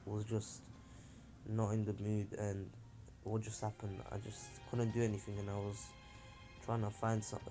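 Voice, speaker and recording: A man's voice: lowish voice, completely flat delivery, moderate pace, over music, lightly acted. A man voicing a young female ninja, defensive and self-pitying, in his own lightly raised voice. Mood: apologetic.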